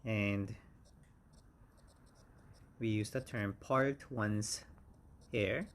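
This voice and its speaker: Man, English instructor, very slow deliberate delivery, repeats words, faint background noise. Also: on the low side. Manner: slow, repeats each word several times. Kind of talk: vocabulary lesson.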